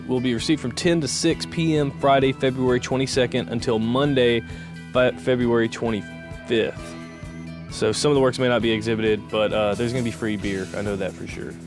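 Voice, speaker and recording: A man hosting a casual podcast, talking in a relaxed, loose way and laughing often. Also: mid-range voice. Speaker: podcast host. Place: podcast studio.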